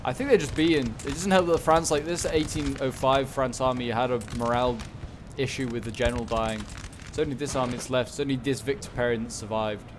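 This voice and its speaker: A man giving casual, rambling commentary on a strategy game battle, excitable and talking back to the units on screen. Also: mid-range voice, fairly quick, noisy background. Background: gunfire and battle sounds.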